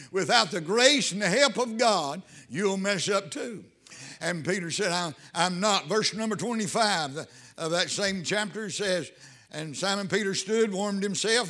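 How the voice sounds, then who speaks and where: Bright, high-voiced preacher man. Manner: emphatic preaching, rising to shouted hallelujahs. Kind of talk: sermon.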